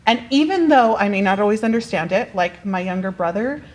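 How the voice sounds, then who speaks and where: A woman's voice: mid-range voice, a little fast. Earnest woman English teacher. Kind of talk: casual conversation.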